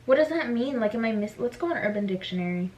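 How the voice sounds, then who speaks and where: Giggly young woman vlogging, higher voice. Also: expressive, fast, darkish tone. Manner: giggly, bubbly, lots of "like" fillers. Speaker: beauty vlogger. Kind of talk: casual makeup vlog chat.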